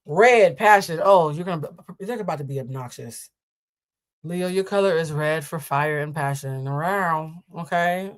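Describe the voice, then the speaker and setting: A woman's voice: low voice, moderate pace. Sassy woman hosting a live tarot reading. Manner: sassy, chatty, playful asides, reads viewer comments aloud. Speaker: tarot reader and livestream host.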